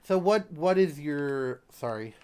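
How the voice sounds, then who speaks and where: A man co-hosting a live-streamed podcast, talking in a rambling, halting way and laughing often. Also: on the high side, lively intonation, darkish tone, clear, resonant tone. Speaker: podcast co-host. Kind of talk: casual live-stream chat.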